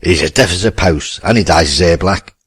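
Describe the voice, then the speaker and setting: A man's voice: low-pitched, brisk, fairly bright tone, slightly rough, no echo, full character voice. A man voicing a jovial, teasing elderly resident who leads his group of friends. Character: mischievous elderly male ringleader.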